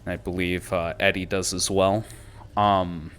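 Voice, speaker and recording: A man narrating a tabletop game as game master, describing scenes at a relaxed pace with frequent filler pauses. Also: deep voice, soft background music.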